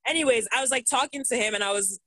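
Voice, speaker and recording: A young woman tells a wild story as a podcast guest, animated and profane and quick to laugh. Her voice sits a touch high. The sound is dry and close, with no room echo. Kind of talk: casual storytelling chat.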